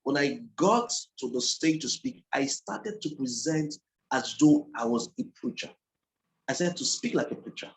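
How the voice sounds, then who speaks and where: A man's voice: on the high side, lively intonation, poor audio. Earnest man teaching public speaking. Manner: earnest, repeats key phrases, speeds up and slows down. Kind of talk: teaching a presentation class.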